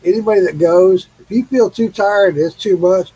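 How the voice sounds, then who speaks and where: A man's voice: sits high, normal speed, warm tone, husky, no room sound, poor audio. A middle-aged man from Missouri, tipsy, hosting a casual late-night chat with loose swearing and easy laughs. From Missouri, USA. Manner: laid-back, swears freely, laughs often. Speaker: host of a live stream.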